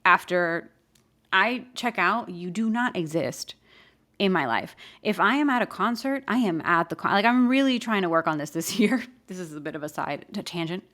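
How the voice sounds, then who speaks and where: A woman hosting a podcast, giving casual advice in an emphatic, animated way and laughing often. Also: fairly low pitch, moderate pace. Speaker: podcast host.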